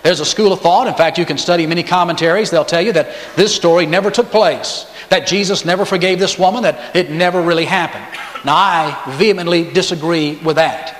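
A man's voice: on the high side, fairly bright tone, roomy sound, in a large hall. A man preaching a sermon who tells the story with feeling and briefly acts out the people he quotes. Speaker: pastor.

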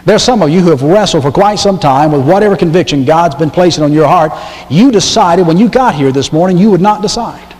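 A pastor preaches with emphasis, hammering his point by repeating key phrases and reading scripture aloud. His voice sits a bit high for a man. The sound carries the long reverb of a church sanctuary. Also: a little mellow. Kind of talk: sermon.

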